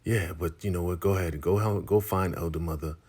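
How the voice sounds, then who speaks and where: A man's voice: low-pitched, steady tone, fast, darkish tone, husky. A man voicing a domineering cult leader who coaxes with menace. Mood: menacing. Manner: coaxing, menacing.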